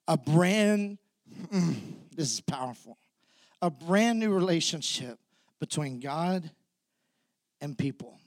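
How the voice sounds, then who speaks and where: Guy preaching a sermon, kinda high voice, tells the story like he's there, asks the crowd stuff. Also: lively intonation, slow, pauses often, no room sound, clean studio sound. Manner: vivid storytelling, audience call-outs. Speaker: pastor.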